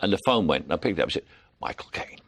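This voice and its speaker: Man in his 70s, Cockney accent, chuckling storyteller, deep voice, lively pitch. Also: rapid-fire, breathy edge. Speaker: actor, guest. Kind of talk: anecdotal chat.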